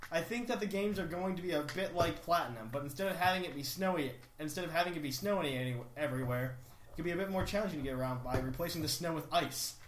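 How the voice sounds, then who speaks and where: A man's voice: fairly high pitch, quick pace. A young man hosting a casual podcast, reading listener emails aloud with wry asides. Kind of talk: casual chat. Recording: echoey room with faint hiss.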